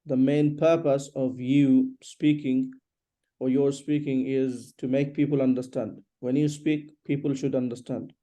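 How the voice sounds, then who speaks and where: A man teaching an English lesson one on one, patiently repeating questions and explaining slowly. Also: mid-range voice, flat delivery, dark tone.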